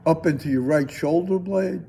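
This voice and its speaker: A man teaching a breathing class, guiding students with slow, calm, coaxing instructions. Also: on the high side, creaky, slight background noise.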